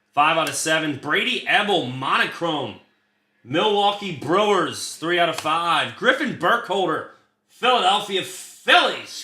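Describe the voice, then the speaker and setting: Man, card break host, casual and profane, crisp bright tone, roomy echo, rattles off names. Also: on the high side. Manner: chatty, swears freely, rattles off card lists. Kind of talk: casual livestream chat while opening cards.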